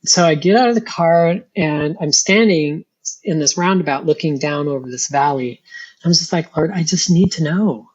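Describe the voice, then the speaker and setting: A woman's voice: low-pitched, moderate pace, a little mellow, slightly rough. A middle-aged woman, a guest on an interview show, telling her personal story and acting out her past rants as she goes. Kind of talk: personal testimony in conversation. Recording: dull lo-fi sound.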